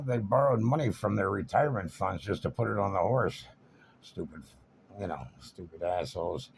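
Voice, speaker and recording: A man's voice: lowish voice, expressive, moderate pace, gravelly, husky. A man telling a casual anecdote in a wry, meandering, conversational way. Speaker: storyteller.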